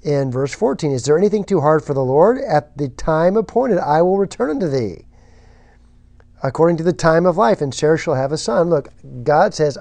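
A man's voice: a little high, expressive, moderate pace, a little mellow. A man preaching a sermon, reading scripture aloud and stressing points with emphasis. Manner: emphatic, reads scripture aloud, repeats words when restarting.

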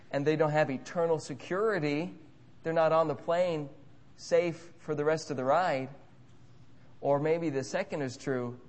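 Earnest preacher man, fairly high voice. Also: a little mellow. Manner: earnest, repeats key phrases. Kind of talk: sermon.

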